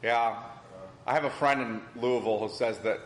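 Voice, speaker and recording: A man's voice: medium pitch, steady tone, moderate pace, a little hiss or hum. Man teaching in an echoey church hall. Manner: asks the class questions and repeats answers. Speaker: Bible study teacher. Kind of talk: interactive Bible class teaching. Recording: echoey hall with long reverb.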